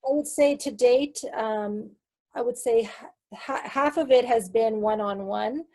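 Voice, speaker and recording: A woman guest in an interview, a caregiver coach who talks in an earnest, halting way with many restarts. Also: fairly high pitch, warm tone. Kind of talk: casual interview chat.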